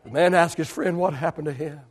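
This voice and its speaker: A man in his fifties preaching a sermon to a church, swinging between loud declarations and hushed whispers. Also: fairly high pitch, fairly quick, slightly rough. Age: 50s. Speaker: pastor.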